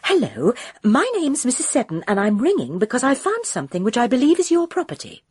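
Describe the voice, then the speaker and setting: A woman's voice: fairly high pitch, wildly swooping pitch, fairly quick, a little mellow, slightly rough, no room sound, clean studio sound, voice pushed up, heavily acted. A woman voicing a polite, earnest middle-aged woman playing amateur detective in an audiobook.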